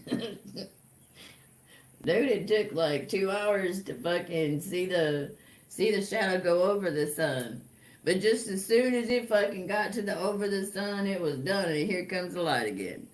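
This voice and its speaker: A woman hosting a casual inspirational vlog, telling a story slowly with plenty of swearing and laughter. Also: on the low side, lively intonation. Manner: slow, profane, laughing storytelling. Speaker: host. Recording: roomy echo with faint ambience.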